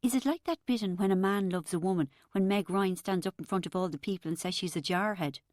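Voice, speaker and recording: A woman's voice: medium pitch, fast talker, a little mellow, no room sound, studio quality, close to an everyday voice. A woman reading an audiobook who voices an anxious, tearful young woman who speaks awkwardly and hesitantly. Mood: curious, teasing. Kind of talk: audiobook character voice.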